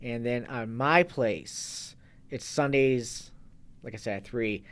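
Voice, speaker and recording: Slow and smooth, this mid-range male voice belongs to a fitness and kettlebell coach being interviewed casually. He wanders as he talks, regularly breaking off sentences and starting them anew.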